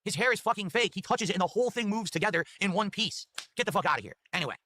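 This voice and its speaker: Rapid-fire, sharp-voiced man in his forties. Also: sits high, animated, no echo. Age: 40s. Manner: rapid, profane, defensive rants. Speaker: streamer. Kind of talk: livestream talk answering viewer tips. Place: home streaming setup. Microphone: desk microphone.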